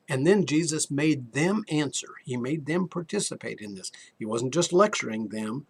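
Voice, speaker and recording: A man's voice: mid-range voice, animated, moderate pace, gravelly, hardly any pauses, darkish tone, slightly rough. A man giving a sermon in an earnest, questioning way, often repeating a word as he starts a sentence. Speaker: preacher.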